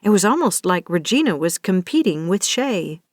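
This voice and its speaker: A woman's voice: on the low side, very animated, moderate pace, no echo, clean studio sound. Woman narrating a romance audiobook. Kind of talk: scripted narration.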